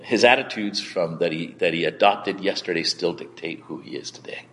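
Male pastor, lowish voice, plain candid sermon delivery, stop-start and repetitive. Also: bright, forceful tone, big-room sound, a little hiss or hum. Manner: halting, repeats words often; conversational, candid. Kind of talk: sermon with personal story.

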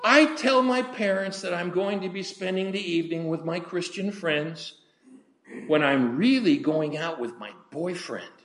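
An older male preacher voicing a defiant teenage girl in a high, drawn-out pleading voice within a sermon. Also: animated, roomy sound.

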